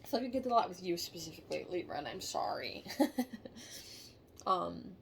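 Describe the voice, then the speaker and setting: Woman tarot reader, low-pitched with vocal fry, halting and sighing, casual talk to camera. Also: expressive, fairly bright tone, a little hiss or hum. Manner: halting, emotional, sighing and musing aloud.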